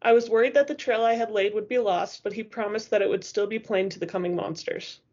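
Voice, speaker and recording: A woman reading a first-person novel aloud in a steady, expressive way, in a dull lo-fi recording. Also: medium pitch, fairly quick. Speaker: audiobook reader.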